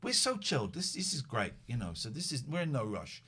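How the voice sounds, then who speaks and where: Bright, lively middle-aged male host, excitable and rambling; casual live-stream chat. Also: medium pitch, brisk, slightly rough. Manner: animated, excitable, rambling with restarts. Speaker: show host.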